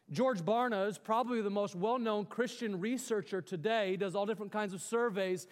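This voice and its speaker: A man's voice: sits high, a little fast, hardly any pauses, big-room sound. A man preaching a sermon as pastor, earnest and exhorting, with many rhetorical questions to the congregation.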